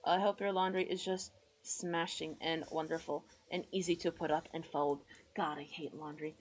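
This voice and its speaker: A woman's voice: deep voice, steady tone, normal speed. Rambling woman streamer chatting while drawing. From United States. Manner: rambling, self-deprecating, muttering to herself; greets chat members upbeat and friendly. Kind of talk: casual livestream chat while drawing.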